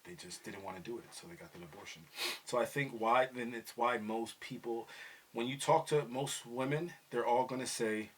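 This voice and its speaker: On a relaxed family podcast with his son, a middle-aged host speaks at normal speed in a medium-pitched, slightly rough voice. His delivery is animated and full of quoted voices and fillers like "you know what I mean".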